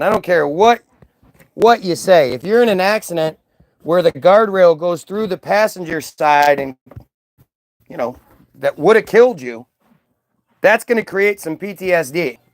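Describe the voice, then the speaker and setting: High-voiced man ranting with profanity. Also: animated, unhurried, pauses often, dry recording. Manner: profane, sarcastic, mocking. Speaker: vlogger. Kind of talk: ranting monologue.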